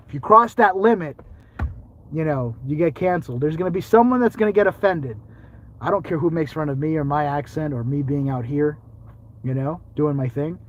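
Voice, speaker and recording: A man's voice: a little high, muffled recording, a little hiss or hum. A man hosting a ghost-hunting livestream who rambles, jokes with viewers and laughs often. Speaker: ghost-hunting video host. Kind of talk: live-stream chat with viewers.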